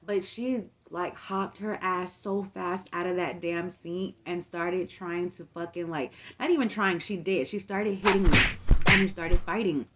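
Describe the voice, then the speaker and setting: A woman's voice: lowish voice, unhurried, fairly bright tone, slight background noise. Chatty young woman telling a story. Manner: chatty, profane, filler-heavy retelling. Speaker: vlogger. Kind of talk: casual storytime.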